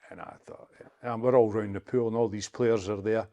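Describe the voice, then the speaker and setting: A Scottish man in his seventies telling a story as an interview guest, halting and repeating words as he chats. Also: on the low side, fairly even intonation, mellow, highs cut off. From Scotland. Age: 70s. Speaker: interview guest, former footballer. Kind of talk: anecdotal storytelling.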